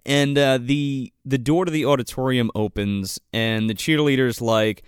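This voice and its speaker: A man's voice: mid-range voice, measured pace, clean tone, no room sound, studio quality. A man chatting casually about a movie he watched, swearing a lot and acting out the characters' lines. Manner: animated, profane, acts out characters' lines. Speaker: podcast co-host. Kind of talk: casual movie review chat.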